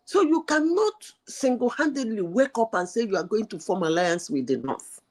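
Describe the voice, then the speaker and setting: A woman's voice: medium pitch, animated, normal speed. A woman making emphatic, scornful points in a heated political discussion over online call audio. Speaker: panelist.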